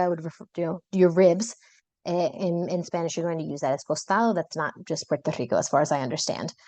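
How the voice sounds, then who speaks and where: A young adult woman hosting a podcast language lesson, explaining vocabulary patiently, repeating words slowly and dropping in casual asides. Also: mid-range voice, a little mellow, no echo. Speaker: Spanish teacher and podcast host.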